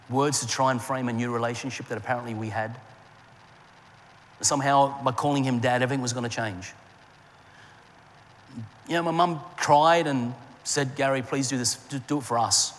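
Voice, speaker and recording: Middle-aged man, pastor, storytelling sermon, mid pitch, long hall echo, faint room hum. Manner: storytelling, rises in pitch for emphasis, drops low and soft in personal memories. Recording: long hall reverb, faint ambient noise.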